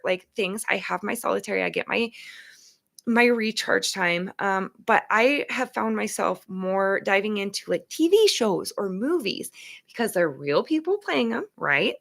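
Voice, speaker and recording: A woman with a medium-pitched, slightly bright voice hosts a casual talk show. Chatty and emphatic, she speaks openly about her feelings on empathy and boundaries.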